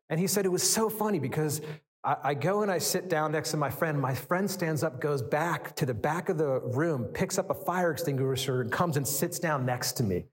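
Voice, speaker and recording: Guy preaching, chatty storytelling, lots of ums and restarts, big echoey church hall. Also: mid-range voice. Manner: conversational and animated, many fillers and restarts. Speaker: pastor. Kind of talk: sermon storytelling.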